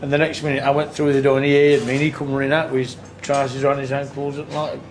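A man spins a rambling, earthy tale in a casual, swearing way. His voice sits at an ordinary middle pitch. The on-location recording carries clear background noise. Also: monotone, quick pace. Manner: rambling, earthy storyteller who swears and acts out quotes. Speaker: tribute band singer. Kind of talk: casual anecdote.

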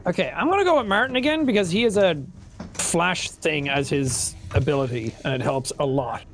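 A man's voice: fairly high pitch, brisk. A man chatting and swearing while playing a co-op game with friends. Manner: excitable, swearing, groaning at the game. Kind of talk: casual gaming chat.

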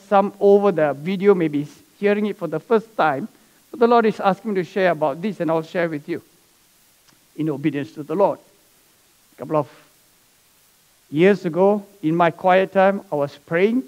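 Brief: male pastor, high-pitched voice, church sermon, story-led delivery. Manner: preaching with asides and soft laughs. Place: church sanctuary.

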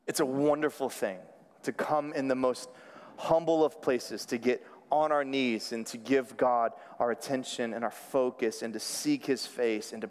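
A man, a pastor delivering an animated sermon to a young adult congregation. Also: medium pitch. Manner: animated, drops to near whisper at times. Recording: long hall reverb.

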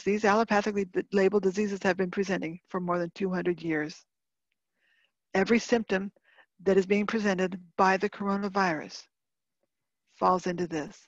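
A woman's voice: medium pitch, dry recording. Earnest woman lecturing over dull webinar audio. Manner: earnest and emphatic, repeating key points. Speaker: homeopathy lecturer. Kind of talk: webinar presentation. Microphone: video call microphone.

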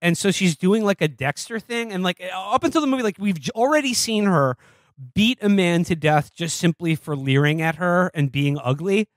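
A man's voice: sits high, lively intonation, normal speed, no room sound, clean studio sound. A man co-hosting a podcast, reviewing a film in rambling, sarcastic casual chat. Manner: rambling, sarcastic, acts out scenes in silly voices. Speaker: podcast co-host.

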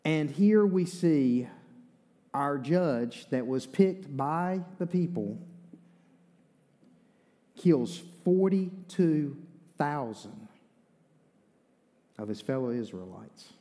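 Folksy Eastern North Carolina preacher. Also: male voice, fairly high pitch, lively intonation, extremely slow, long pauses, warm tone. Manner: folksy, conversational preaching with asides. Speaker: pastor. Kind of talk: sermon. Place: church sanctuary. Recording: long reverb of a church hall.

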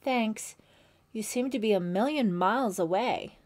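A woman's voice: medium pitch, a little slow, darkish tone, pitched above the performer's own voice, lightly acted. Woman doing an easygoing young guy counselor, sympathetic, friendly.

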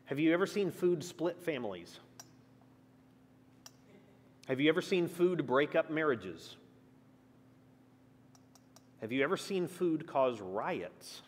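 A man's voice: fairly high pitch, animated, slow, pauses often, slightly rough, big-room sound. A man teaching a church class in a conversational way, asking the group questions and shifting his emphasis often. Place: church meeting room.

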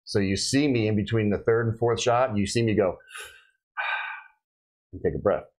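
A man's voice: fairly low pitch, unhurried, poor audio. A middle-aged man, a police officer, telling a story in a casual podcast chat and acting out the voices he quotes. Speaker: police officer recounting a shooting.

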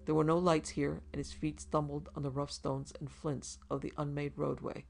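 A man narrating a macabre short story in a measured, even storytelling delivery. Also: fairly high pitch, vocal fry. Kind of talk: scripted horror story narration.

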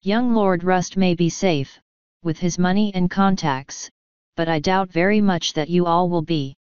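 A woman reading the part of a retired older male colonel, speaking in a measured, wry and quietly scornful way. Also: on the low side, clear, resonant tone, no echo, lightly acted. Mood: dry wry. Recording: dull lo-fi sound.

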